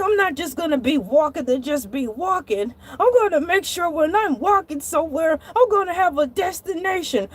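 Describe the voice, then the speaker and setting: A very high, squealing voice belongs to an excitable cartoon shark played by a woman. He tells his misadventures as a comic monologue, huffing with exasperation and breaking into shouting fits. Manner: dramatic, exasperated, bursts into shouting. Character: excitable male cartoon shark who walks on land. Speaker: show host.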